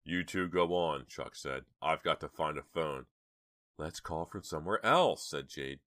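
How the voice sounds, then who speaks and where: A man's voice: very deep voice, expressive, unhurried, a bit bright, exaggerated voice. A man voicing a brave teenage boy in an audiobook, speaking with urgent, firm, raised lines. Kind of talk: audiobook reading.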